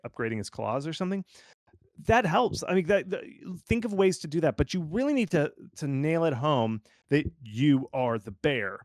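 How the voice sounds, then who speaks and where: A man who is a game marketing consultant, giving casual, animated advice full of "like" fillers. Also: medium pitch, dry recording, clean studio sound. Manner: animated and informal, lots of fillers like "like". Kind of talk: conversational expert commentary.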